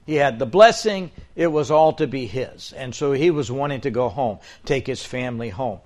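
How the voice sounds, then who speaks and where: A man's voice: medium pitch, animated, moderate pace, a little mellow. Folksy older man preaching. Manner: folksy storytelling, joking asides. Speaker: pastor. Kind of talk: sermon.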